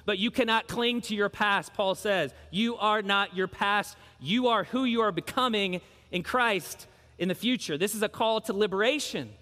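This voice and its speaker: A man's voice: high voice, normal speed, a bit bright, in a large hall. A man preaching a sermon as pastor, earnest and emphatic, driving points home with repeated phrases.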